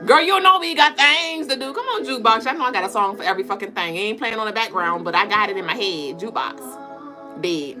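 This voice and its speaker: A woman hosting a live spiritual reading stream, talking in an animated, profane, laughing way and breaking into chants. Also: a little high, fast talker, over music. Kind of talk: casual live-stream tarot-style reading.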